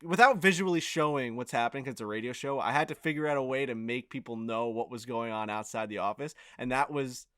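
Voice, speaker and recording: A man's voice: mid-range voice, quick pace, hardly any pauses, no room sound. A man co-hosting a podcast, chatting loosely and swearing freely as he tells stories. The sound is close and dry with no room around it. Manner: animated storytelling, heavy swearing. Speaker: podcast co-host. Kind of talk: casual chat.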